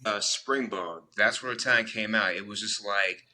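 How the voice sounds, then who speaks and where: A young man from Texas, United States, appears as an interview guest, telling his story earnestly and in a rambling way while acting out what other people said. His voice is fairly low yet bright and forceful, and he speaks unhurriedly.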